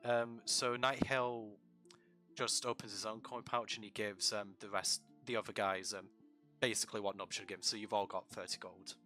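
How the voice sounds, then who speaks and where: A man's voice: lowish voice, level tone, normal speed, sharp tone, soft background music. A man running a tabletop game as dungeon master, narrating casually with many fillers. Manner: casual, with many fillers, keeps the story moving.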